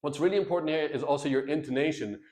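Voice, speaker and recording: A man's voice: a little high, quick pace, a little mellow. A man talking straight to camera as a marriage coach, earnest and plain-spoken, calling his viewers guys and brother. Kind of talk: direct-to-camera coaching talk.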